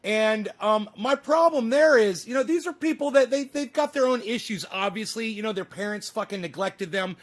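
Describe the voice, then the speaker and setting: A man's voice: sits high, lively intonation, normal speed, hardly any pauses. A man ranting profanely and combatively at his livestream chat. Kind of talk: casual livestream rant.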